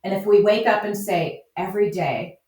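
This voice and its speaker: A woman's voice: medium pitch, normal speed, a little mellow. Distant, echoey woman guest. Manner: upbeat, encouraging, acts out quoted voices. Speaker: flower farmer and business coach, guest. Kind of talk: podcast interview conversation. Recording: echoey, distant remote audio.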